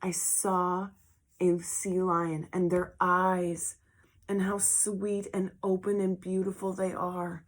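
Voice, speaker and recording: Soft-spoken woman reading tarot. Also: on the low side, little pitch movement. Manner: reads card text slowly, breaks into heartfelt asides; murmured affirmations. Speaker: tarot reader. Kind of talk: emotional spiritual tarot vlog.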